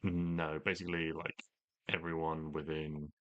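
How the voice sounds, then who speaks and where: A man running a tabletop game as game master, explaining the rules in a relaxed way with many fillers. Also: a bass voice, a little slow, no room sound, dull audio.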